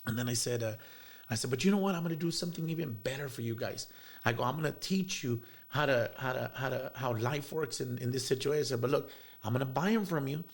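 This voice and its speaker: A man's voice: medium pitch, fast talker, vocal fry. A man, telling a heartfelt story as an interview guest, rambling with many fillers and bits of Spanish slang. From South Texas.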